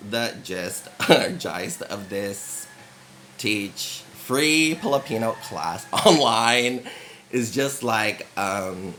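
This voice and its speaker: A man's voice: medium pitch, sharp tone, a little hiss or hum, low-quality recording. A young American man telling a rambling comic story in casual chat, full of "like" fillers and laughs.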